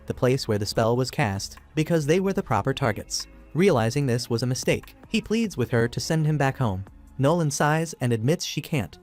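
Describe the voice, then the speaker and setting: Guy doing an anime recap voiceover, mid pitch, chill and even, light music under it. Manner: casual retelling, steady even delivery. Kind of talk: scripted narration.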